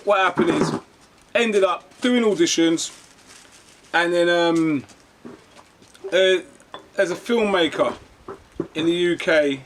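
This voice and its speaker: Animated man telling stories. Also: sits high, slow pace, pauses often, a little hiss or hum. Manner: animated, rambling with restarts. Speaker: actor and guest. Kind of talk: casual conversation, storytelling.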